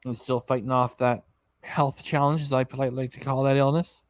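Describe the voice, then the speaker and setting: A man hosts a live stream in a loose, chatty way, reading viewers' messages aloud and stumbling over names. He sounds tired and yawns now and then. His voice sits at an ordinary pitch and is recorded dry and close. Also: level tone, a little fast, no room sound. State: tired, yawning. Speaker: reaction channel host reading live chat. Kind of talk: casual livestream chat.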